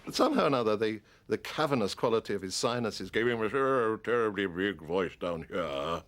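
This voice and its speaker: A man speaks in an interview with a lowish voice, measured and admiring in tone. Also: lively intonation, fairly bright tone. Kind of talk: reflective interview.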